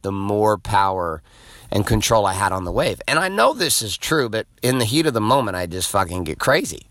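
A middle-aged man hosting a podcast, telling a story in a blunt, profane, animated casual monologue. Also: lowish voice, no echo. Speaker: podcast host.

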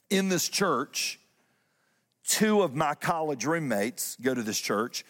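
A male pastor delivering a sermon in a church, driving points home with repeated refrains and shifting his pace between rushed and drawn-out. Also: on the high side, big-room sound. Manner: emphatic preaching with repeated refrains, speeding up and slowing down. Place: church sanctuary.

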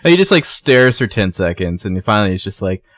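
A man co-hosting a casual podcast, retelling scenes in an animated way and acting out the characters' lines. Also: lowish voice, a little fast, no room sound. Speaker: podcast co-host recapping a TV episode. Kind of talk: casual chat.

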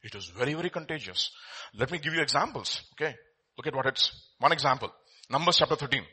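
A man preaches a lively sermon in a husky, very bright voice. His pitch sits high for a man and leaps around as he fires rhetorical questions at the congregation. He reads scripture aloud and swings between loud emphasis and near-quiet asides. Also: fast. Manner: expressive preaching with rhetorical questions, voice rising and dropping sharply. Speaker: pastor.

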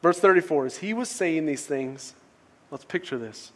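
A man's voice: fairly high pitch, normal speed. A male pastor preaching a sermon in a casual, conversational way, often restarting phrases and asking rhetorical questions.

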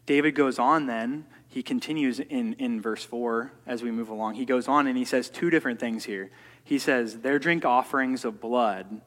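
A man's voice: mid-range voice, fairly bright tone. A man preaching a sermon earnestly, often repeating words as he works through his points. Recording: long hall reverb.

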